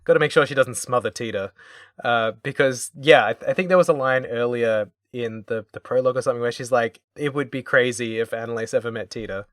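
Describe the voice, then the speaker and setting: A podcast co-host chatting casually about a video game, with a wry, playfully mocking manner and quick acted-out quotes. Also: medium pitch, a bit bright, no echo, clean studio sound.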